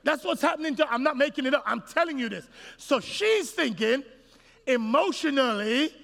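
A male pastor preaching with emphatic, repetitive, animated delivery in a church. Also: very high-pitched, normal speed, gravelly. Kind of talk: sermon. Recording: echoey hall.

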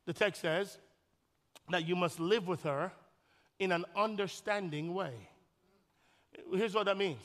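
A man's voice: sits high, fairly bright tone. A man preaching a sermon as pastor, emphatic and folksy, repeating his points and speaking directly to the congregation. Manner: folksy and humorous. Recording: long hall reverb.

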